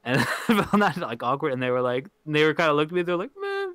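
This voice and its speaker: A man's voice: fairly high pitch, fast, fairly bright tone, no echo. A man co-hosting a podcast in casual chat, wry and teasing, telling stories. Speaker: podcast co-host.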